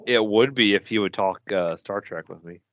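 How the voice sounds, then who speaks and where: This man speaks at a normal speed in a fairly low, fairly bright voice, though the recording is muffled with a little hiss or hum. He's a podcast co-host chatting casually and arguing enthusiastically about movies as a fan.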